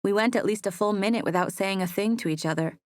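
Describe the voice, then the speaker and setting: A woman narrating a first-person romance audiobook in a soft, wistful manner. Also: medium pitch, fast, dry recording, studio quality.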